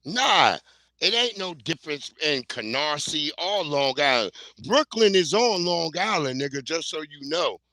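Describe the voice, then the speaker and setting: A man's voice: fairly high pitch, big pitch swings, a little slow, pushed and bright, no room sound. A middle-aged man, hosting a livestream in a blunt, heated, profane rant. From New York. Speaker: livestream host. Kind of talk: casual ranting commentary.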